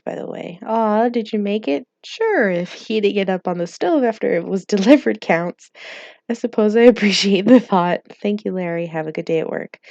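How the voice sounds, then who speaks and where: A woman's voice: mid-range voice, gravelly, dark tone, no room sound, highs cut off. A woman playing a mobile game, reading its text messages aloud in light put-on voices and chatting casually, laughing often. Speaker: gaming YouTuber.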